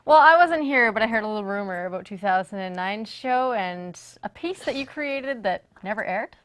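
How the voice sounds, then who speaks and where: A woman's voice: mid-range voice, expressive, normal speed, fairly bright tone, clean tone. A woman co-hosting a New Year's Eve TV show, teasing her co-host in light banter.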